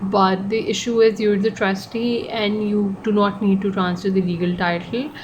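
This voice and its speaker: A woman's voice: medium pitch, flat delivery, normal speed, dull audio. A woman giving a casual online law lecture, talking in a chatty, digressive way, often correcting herself and adding joking asides. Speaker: law tutor. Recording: clear background noise.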